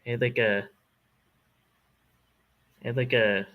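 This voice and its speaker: A man's voice: mid-range voice, flat delivery, slow, narrow, tinny audio. A man with a Canadian accent chatting casually on a stream, rambling, joking and swearing freely. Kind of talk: casual chat.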